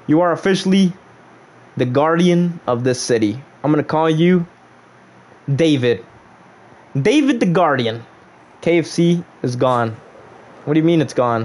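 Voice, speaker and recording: A young man casually commentating his own game livestream, playful and animated as he jokes with viewers. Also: a little high, normal speed. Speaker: streamer.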